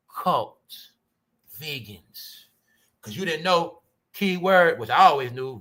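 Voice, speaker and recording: Sharp-voiced man ranting at his viewers. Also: a little high, lively intonation, takes it slowly. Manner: profane, combative, fires rhetorical questions. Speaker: channel host. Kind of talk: ranting commentary to a live chat.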